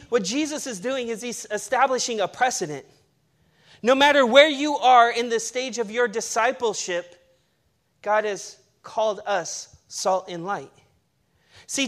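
A man's voice: very high voice, a bit bright. A man, a pastor preaching a sermon to a congregation, emphatic and earnest with playful asides.

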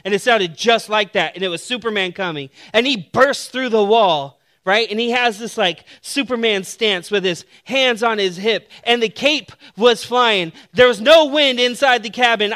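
A man delivers a sermon in a conversational, animated way. His voice is bright and sits a little high. He tells a story with playful sound effects and reads scripture in a softer, steadier tone. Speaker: pastor.

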